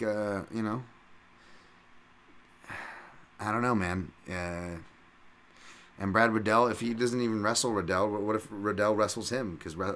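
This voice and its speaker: A man with a fairly low voice hosts a podcast and talks through fight bets in a loose, off-the-cuff way. He rambles, restarts his sentences, leans on fillers and swears casually. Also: a bit bright. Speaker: podcast host. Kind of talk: casual fight-betting breakdown.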